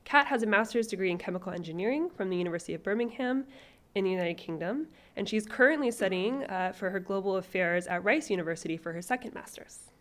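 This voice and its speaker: A woman moderating a panel event reads out the speakers' introductions. She keeps a measured pace, with a few fillers and small restarts along the way. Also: mid-range voice, lively intonation.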